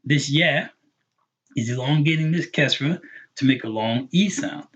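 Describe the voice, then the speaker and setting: A man teaching a live online language lesson, patiently repeating words slowly for learners. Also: medium pitch, a bit bright, slightly rough, muffled recording. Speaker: Arabic teacher.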